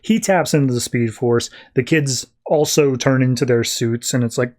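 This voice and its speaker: A man's voice: medium pitch, normal speed, hardly any pauses, a little mellow. A man hosting a podcast, recapping a comic in a breezy, jokey storytelling way. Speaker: podcast host.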